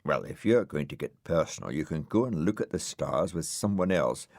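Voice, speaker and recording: A man's voice: very deep voice, animated, moderate pace, gravelly, a little mellow, dry recording, studio quality, heavily acted. A man voicing a grumpy, pompous male dog in a storybook, sulky and indignant. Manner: indignant, sulky, grandly aggrieved. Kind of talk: audiobook character voice.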